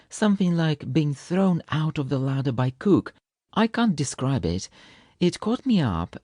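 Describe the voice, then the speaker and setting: A man's voice: fairly high pitch, mellow, no room sound, clean studio sound, pitched above the performer's own voice. A man voicing a proud, touchy male kitten who spins a tall tale with fanciful, indignant flair.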